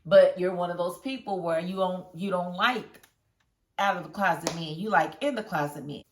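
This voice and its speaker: A woman casually reviewing a TV episode, chatty and animated, often breaking into laughter as she retells scenes. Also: lowish voice, normal speed, distant mic, slight background noise. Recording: roomy echo.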